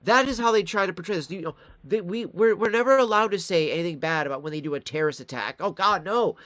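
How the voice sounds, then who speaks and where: A man's voice: high voice, expressive, fast, fairly bright tone, no echo, muffled recording. A man from Michigan ranting in a live-stream commentary, profane and rambling, talking straight to his chat. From Michigan, USA.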